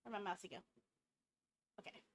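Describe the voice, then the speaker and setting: A young woman streaming a game, chatting casually in quick, giggly asides. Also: no room sound. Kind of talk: casual chat while playing a game.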